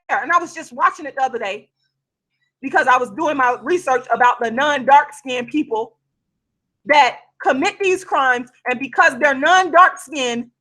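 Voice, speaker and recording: A woman giving heated, impassioned commentary on a video call, swearing and raising her voice, then pausing to apologize for yelling. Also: high-pitched. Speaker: vlogger.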